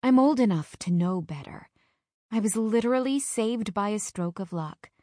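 A young adult woman narrating a first-person audiobook in an earnest, intimate, measured way. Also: medium pitch, lively intonation, warm tone, dry recording, studio quality.

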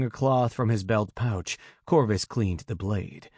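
A man's voice: fairly low pitch, measured pace, hardly any pauses, darkish tone, breathy edge, no room sound. Dry, close male audiobook narrator.

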